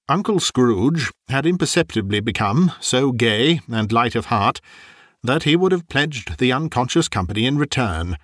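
A man narrating a classic story as an audiobook, in a measured, expressive way. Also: mid-range voice, no echo, studio quality.

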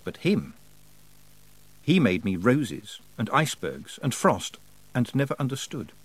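A man's voice: medium pitch, big pitch swings, measured pace, breathy edge. A man voicing a clever young girl witch with a wry, thoughtful way of talking, for an audiobook.

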